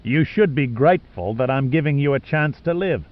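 A man voicing a cold, sadistic wealthy villain who speaks in a slow, smooth, higher voice. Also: animated, lo-fi sound, close to an everyday voice. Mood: cold menace. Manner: slow, smooth and raised in pitch.

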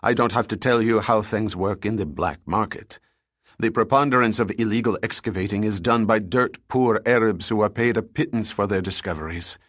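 A man's voice: lowish voice, a bit bright, no room sound, studio quality. A man voicing an evasive nervous shopkeeper. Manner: guarded, indignant, slightly pleading. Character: nervous evasive male antiquities dealer. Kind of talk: audiobook character voice.

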